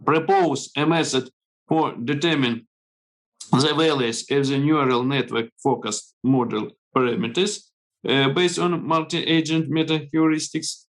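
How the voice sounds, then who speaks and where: A man with a Ukrainian accent reads out his research slides over a video call, in a fairly high voice. He speaks slowly, stopping often to find his place, and his words come at a measured, deliberate pace. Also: steady tone, low-quality recording. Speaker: conference presenter. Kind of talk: reading a research presentation.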